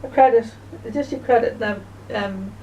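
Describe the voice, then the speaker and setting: A woman video blogger speaking in a casual, halting way, full of fillers and restarts, and sounding emotional and grieving. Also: a little high, mellow, recorded from a distance, lo-fi sound, slight background noise. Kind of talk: casual spoken remembrance.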